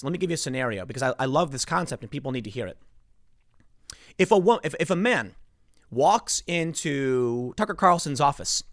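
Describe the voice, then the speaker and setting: A man's voice: a little high, no echo, clean studio sound. A man in his thirties giving solo political commentary, talking animatedly and acting out the people he quotes. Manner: animated, acts out quoted voices.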